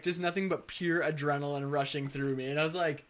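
A young co-host on a casual chat show gets excited telling gaming stories in a slightly high, brisk voice. Carried away, he keeps restarting sentences and swearing.

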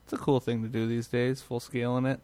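A man's voice: medium pitch, flat delivery, fast, dark tone. Easygoing man in casual tech chat. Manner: chatty, easygoing, trailing off mid-thought. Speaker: podcast co-host.

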